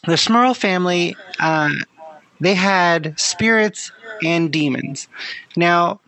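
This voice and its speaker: A man's voice: high voice, drawn-out words, long pauses, pushed and bright, low-quality recording. A man co-hosting a podcast in casual chat, easygoing and curious, thinking aloud with fillers. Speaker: podcast co-host.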